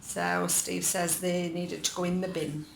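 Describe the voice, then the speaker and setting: A woman's voice: lowish voice, little pitch movement, measured pace, vocal fry, slight background noise. A woman in her thirties with an English accent, chatting casually and rambling with many ums as she vlogs from her dining room at home. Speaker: vlogger. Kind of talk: casual chat. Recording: echoey room.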